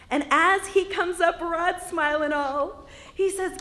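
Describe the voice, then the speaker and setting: A woman's voice: very high-pitched, a little slow, a bit bright, a little hiss or hum. A woman in her fifties from Wisconsin, with a Wisconsin accent, telling a personal story on stage with a wry, humorous delivery. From Wisconsin, USA. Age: 50s. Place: arts center stage.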